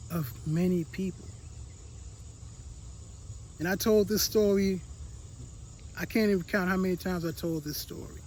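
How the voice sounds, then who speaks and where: Man, high voice, motivational speaker; earnest storytelling, repeats himself, trails off quietly; faint insect noise behind. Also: a little slow, long pauses, rough recording. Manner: emotional, repeats words, drops to quiet, stumbles on restarts. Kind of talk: personal story, motivational talk.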